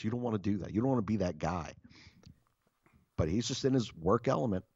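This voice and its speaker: A man's voice: fairly low pitch, animated, fairly quick, long pauses, warm tone, husky, dry recording, muffled recording. A man casually telling a long anecdote, swearing freely and restarting his sentences often. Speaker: storyteller.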